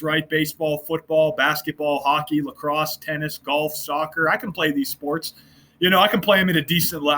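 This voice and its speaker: Brief: male commentator, higher-pitched and forceful, sarcastic and foul-mouthed. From United States. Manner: profane, mocking, sarcastic, laughs at his own points. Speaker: online commentator. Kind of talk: ranting monologue to viewers.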